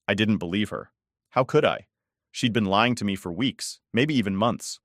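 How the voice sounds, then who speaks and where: Brief: man with a lowish voice, scripted story narration, restrained and cold, dry close mic. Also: expressive, a little fast, no room sound. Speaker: first-person story narrator.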